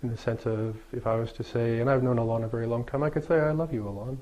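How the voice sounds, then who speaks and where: A man's voice: medium pitch, steady tone, fast, dark tone. A middle-aged man teaching Daoist ideas to a small group in a loose, joking, conversational way, laughing often and using many fillers. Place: room with a live group. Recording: dull lo-fi recording.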